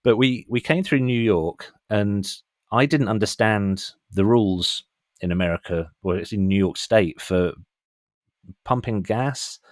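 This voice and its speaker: A British man telling a lively anecdote as a podcast guest, acting out voices and laughing as he goes. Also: lowish voice, a little slow, no echo, studio quality. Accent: British English. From England. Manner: animated storyteller, acts out voices, laughs often. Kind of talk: casual anecdote.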